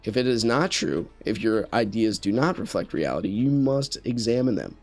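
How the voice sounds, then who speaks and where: A man's voice: lowish voice, expressive, normal speed, a little mellow, faint music behind. A man giving casual commentary while playing a game, talking in an earnest, rambling way with many restarts and fillers into a USB studio microphone. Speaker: gameplay commentator.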